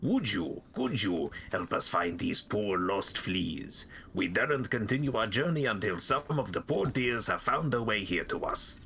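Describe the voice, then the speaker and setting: A man doing a courteous flea caravan master, speaking slowly and grandly in a wobbly mock French accent that keeps slipping toward Russian. The tone is bright and fairly low, voiced live over gameplay. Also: very animated, gravelly, slight background noise, full character voice. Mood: pleading. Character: gracious male flea caravan leader. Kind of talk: voicing game characters on a live stream.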